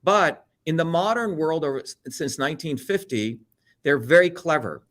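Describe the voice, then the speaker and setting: Middle-aged man, blunt heated political talk, slightly high-pitched, mimics others, swears freely. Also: expressive, moderate pace, fairly bright tone. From India. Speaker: interview guest.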